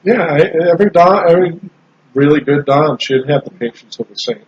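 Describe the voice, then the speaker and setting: A man in casual podcast chat, talking in a relaxed, rambling way with frequent restarts. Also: fairly high pitch, brisk, husky. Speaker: podcast host. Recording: slightly dull lo-fi sound with faint background noise.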